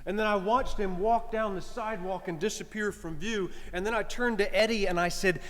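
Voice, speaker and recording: Priest telling a story in his sermon, kinda high voice, chatty, keeps checking in with the room, big church echo. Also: fairly quick, few pauses, a bit bright. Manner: conversational, asks the congregation "huh?". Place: church sanctuary. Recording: long church reverb.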